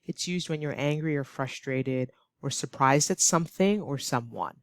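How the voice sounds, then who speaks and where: A woman with an American accent teaching an online English lesson, expressive and acting out her examples. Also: normal speed, no room sound, clean studio sound. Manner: expressive, acts out examples with big swings of pitch. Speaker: ESL teacher.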